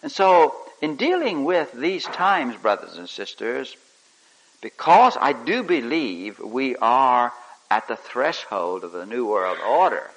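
A man preaching a sermon, swinging between loud emphatic lines and soft hushed ones, with some halting restarts as he tells a story. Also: medium pitch, very animated, breathy edge, poor audio.

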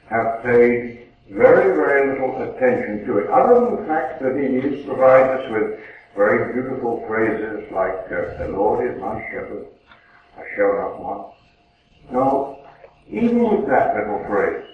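Man, lay preacher, measured and earnest, mid-pitched; distant, boomy, phone-thin recording. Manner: measured, earnest, repeats words for emphasis. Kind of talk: Bible talk to a congregation. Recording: distant, echoey, phone-like, faint hiss.

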